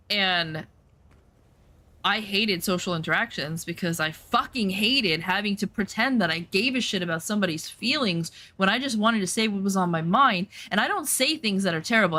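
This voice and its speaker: Blunt, swearing woman streamer. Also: on the low side. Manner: animated storytelling, acts out quotes. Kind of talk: casual chat while streaming gameplay.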